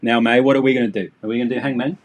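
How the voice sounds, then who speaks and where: A man's voice: medium pitch, steady tone, very fast. A middle-aged man teaching a casual live English lesson, joking and sarcastic.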